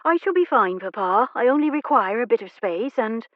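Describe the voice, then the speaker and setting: A woman's voice: a little high, animated, normal speed, no room sound, muffled recording, voice pushed up, lightly acted. A woman narrator voicing a young woman who plays a fragile, swooning debutante in a coy, dramatic manner.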